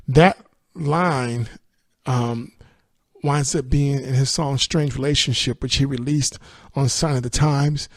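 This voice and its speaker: A man hosting a music podcast, chatting casually through an album review, sometimes singing lines of the lyrics, laughing, and rushing through his asides. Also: medium pitch, steady tone, dry recording, clean studio sound. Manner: sings lyric snippets, laughs often, speeds up on asides.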